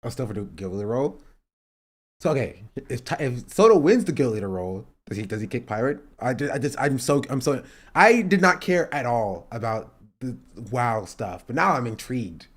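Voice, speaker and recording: Excitable laughing male streamer. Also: medium pitch, brisk. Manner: excitable, laughing, self-mocking. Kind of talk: live stream reaction.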